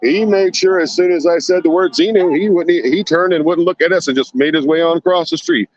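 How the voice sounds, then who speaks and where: A man's voice: a little high, brisk. Indignant live-streaming man, dull phone audio. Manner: indignant rhetorical questioning, chatty asides. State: sweating. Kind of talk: casual live stream, reading chat. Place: outdoors downtown at night. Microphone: handheld phone.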